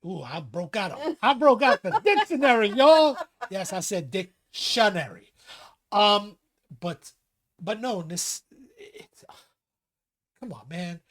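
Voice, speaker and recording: This podcast co-host has a high voice and takes his time. In casual conversation he's an animated storyteller who performs the quotes he recounts and laughs frequently.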